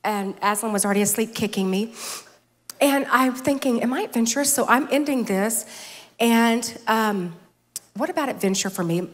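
High-voiced, chatty woman in her fifties. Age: 50s. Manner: chatty, self-deprecating, teary. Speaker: conference speaker. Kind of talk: conference talk with humorous stories. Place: large hall with stage. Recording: long hall reverb.

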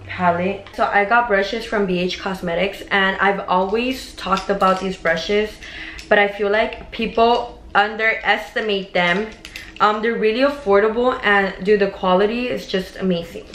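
A woman's voice: medium pitch, reverberant, slight background noise, low-quality recording. A young woman, chatting casually and gossiping while she does her makeup, slipping Spanish words into her story. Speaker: beauty vlogger.

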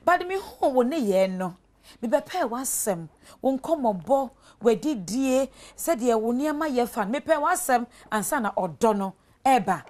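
A woman hosts a television talk show in a high, bright-sounding voice that swings widely up and down. She leads the conversation with animated, probing questions. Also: slow. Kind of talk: Twi-language TV talk show.

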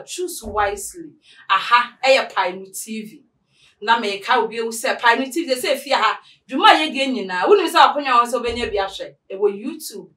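A woman's voice: a little high, pushed and bright, roomy sound, recorded from a distance, rough recording. A Ghanaian woman hosting a talk show, chatty and mixing English phrases into her talk. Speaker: show host.

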